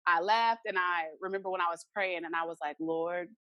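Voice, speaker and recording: A woman's voice: fairly low pitch, steady tone, brisk, pushed and bright, no room sound. A young adult woman, a podcast guest, earnestly telling a personal story and acting out the remembered dialogue.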